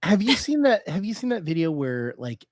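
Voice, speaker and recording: Rambling man with a lively voice. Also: a little high, normal speed, dry recording, studio quality. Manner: rambling, many restarts and fillers, lively storytelling. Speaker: podcast cast member. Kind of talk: casual chat.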